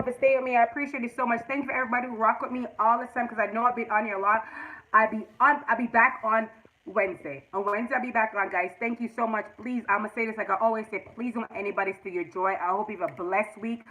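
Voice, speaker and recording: A woman's voice: medium pitch, a bit bright, slight background noise, rough recording. A middle-aged woman hosting a casual livestream, earnestly giving relationship advice straight to her viewers. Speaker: livestream host.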